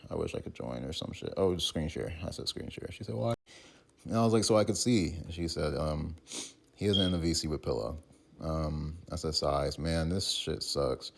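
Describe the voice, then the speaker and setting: A young man recounting chat messages in a rambling, halting way, with many fillers and restarts. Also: very deep voice, creaky, a little mellow. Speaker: content creator responding to allegations. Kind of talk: casual recounting while reading messages aloud.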